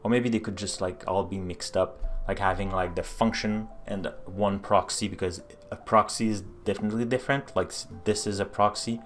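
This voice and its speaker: Man, quebecois french accent, fairly low voice, live-coding stream chat, faint music behind. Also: steady tone, normal speed, hardly any pauses. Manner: thinks aloud, reads chat questions, many fillers and restarts.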